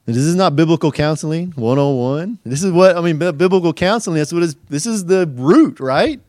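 A man's voice: fairly high pitch, lively intonation, a little fast, darkish tone, no room sound, clean studio sound. A middle-aged man preaching a verse-by-verse sermon, asking rhetorical questions and acting out quoted voices. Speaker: pastor and teacher.

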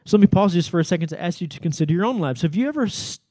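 A man's voice: high voice, animated, racing, a little mellow, no room sound. Conversational man teaching a sermon. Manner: explanatory, conversational with fillers. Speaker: pastor.

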